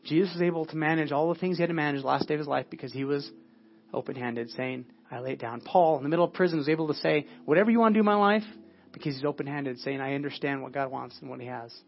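A man preaching a sermon at a church service in an earnest way, often dropping to a hushed, prayerful tone. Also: mid-range voice, fairly even intonation, fast talker, creaky, muffled recording. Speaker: pastor.

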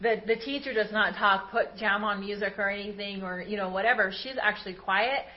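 A woman co-hosting a church service, chatting warmly and sharing a quote in an easy, conversational way. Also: mid-range voice, brisk. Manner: affirming, shares quotes casually. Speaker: co-host. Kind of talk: conversational sermon. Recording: slightly dull audio.

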